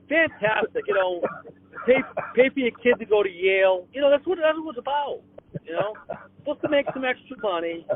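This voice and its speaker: A comedian from Boston with a Boston accent, delivering an exasperated, stammering rant over the phone. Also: male voice, very high voice, sing-song, moderate pace, vocal fry. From Boston area. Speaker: comedian guest. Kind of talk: ranting comic monologue on a call. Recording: tinny phone line.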